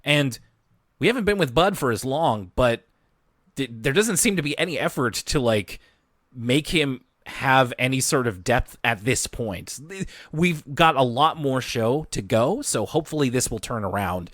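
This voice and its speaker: A man in casual podcast chat who rambles and trips over his restarts while he agrees. His pitch moves around a lot. The recording is dry and close, with no room sound. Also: lively intonation, moderate pace, a bit bright, dry recording. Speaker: podcast co-host.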